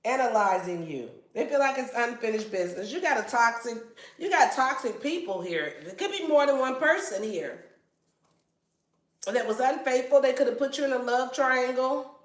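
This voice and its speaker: A woman's voice: a little high, animated, moderate pace. A woman giving a casual tarot reading in a blunt, slangy way and swearing freely. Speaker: tarot reader. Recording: echoey room.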